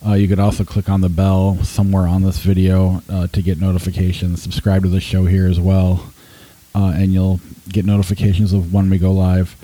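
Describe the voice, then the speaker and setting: A man's voice: sits low, completely flat delivery, moderate pace, dark tone, no echo, low-quality recording. A man hosting a movie review podcast, chatting loosely, laughing at his own slips and running through the show's plugs. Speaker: podcast host. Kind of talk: casual podcast chat.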